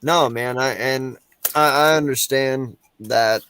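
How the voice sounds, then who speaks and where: A man's voice: medium pitch, slow, fairly bright tone, a little hiss or hum. A man in casual, profane sports talk, emphatic and full of restarts.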